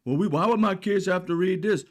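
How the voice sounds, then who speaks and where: A man putting on the voice of a bewildered male politician reading aloud in a halting, puzzled way. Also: sits high, pitched above the performer's own voice, lightly acted. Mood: mock puzzled.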